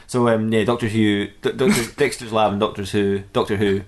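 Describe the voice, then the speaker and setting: A young man rambles quickly through an improvised comic tale. He trips over his words, restarts sentences and talks in a casual, giggly way. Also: lowish voice, fairly even intonation. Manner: rambling, self-interrupting, giggly. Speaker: podcast host.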